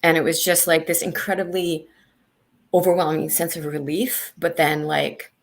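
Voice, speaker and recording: Low, gravelly-voiced woman sharing a personal story. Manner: halting, many restarts, animated when reliving moments. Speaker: guest, senior leader. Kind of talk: candid personal interview.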